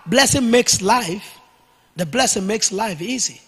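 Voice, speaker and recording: A man preaching a sermon as pastor, emphatic and at times dictating his points slowly for notes. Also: high-pitched, fairly bright tone, husky, long reverb tail. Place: church hall.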